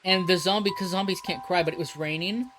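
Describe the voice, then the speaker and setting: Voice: mid-range voice, fast, fairly bright tone, a little hiss or hum, poor audio. A streamer chatting casually with viewers while drawing, rambling, laughing often and swearing freely.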